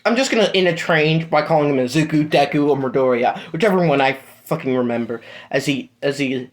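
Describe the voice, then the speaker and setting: A man's voice: on the high side, fairly quick. A young man casually improvising a fan-fiction story, rambling with lots of fillers and swearing.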